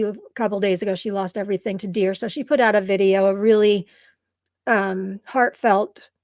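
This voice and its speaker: A woman's voice: medium pitch, a little mellow, no room sound. A woman hosting a live stream in casual chat, gushing and reading viewer comments aloud, tearful at times. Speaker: live show host.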